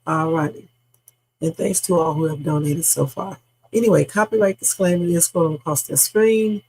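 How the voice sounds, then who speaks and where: Hoarse, gravelly man hosting a livestream. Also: a little high, normal speed, darkish tone, no room sound, low-quality recording. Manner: chatty, talks straight to the viewers, rambling asides. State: hoarse from a sore throat. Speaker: livestream host. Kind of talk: casual news-reaction livestream chat. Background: background music.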